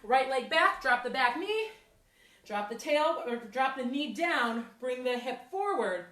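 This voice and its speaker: A high-pitched woman coaches a standing workout, upbeat and encouraging as she counts down each set, slightly winded. Her voice bounces around an echoey room. She sounds set back from the mic. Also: unhurried, recorded from a distance. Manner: energetic, encouraging, counts down reps. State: a little out of breath. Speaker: fitness instructor.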